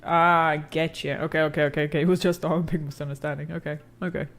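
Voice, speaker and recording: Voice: medium pitch, little pitch movement, quick pace, few pauses, a bit bright. A game streamer chatting casually while playing, slangy and profane, reading chat aloud and rambling with many fillers.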